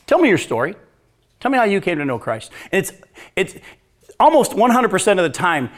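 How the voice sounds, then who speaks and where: A pastor with a notably high-pitched voice preaches in an animated way, telling lively stories and laughing at his own jokes. He also answers audience questions conversationally.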